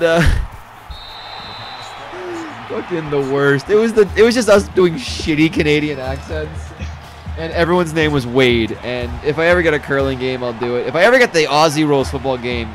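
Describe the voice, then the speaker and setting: A man's voice: a little high, faint music behind. A man giving joking, rambling live commentary on a video game football match, calling plays and swearing casually. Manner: rambling, swears, quick play calls.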